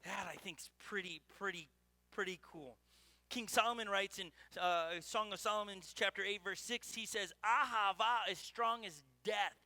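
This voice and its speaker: A man's voice: sits high, normal speed, bright, forceful tone, no room sound. A middle-aged man preaching a sermon, telling personal stories in an earnest way, with frequent restarts. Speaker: pastor.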